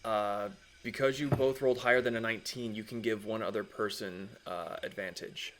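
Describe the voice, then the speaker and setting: A man's voice: fairly low pitch, fairly even intonation, moderate pace, slight background noise. A man narrating as game master of a tabletop game over a voice call, loose and casual, with fillers and the odd curse.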